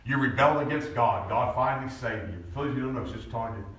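Brief: man in his forties preaching, heard from off-mic in a very echoey church with a faint hum behind him, swings into loud shouted peaks. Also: mid-range voice, fast, far from the mic. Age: 40s. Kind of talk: sermon. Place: church sanctuary.

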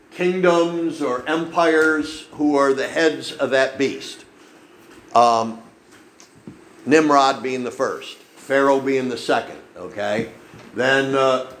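A man's voice: medium pitch, a bit bright, echoey room, slight background noise, low-quality recording. A man preaching a sermon in a folksy storytelling way, often checking in with the congregation with "okay?". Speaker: pastor. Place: church.

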